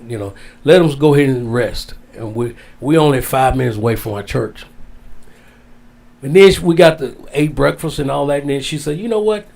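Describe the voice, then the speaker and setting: A man telling a heartfelt story as a guest, drawn out, dropping low and soft on the sad parts. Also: moderate pace, gravelly. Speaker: wrestling guest. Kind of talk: storytelling in casual interview.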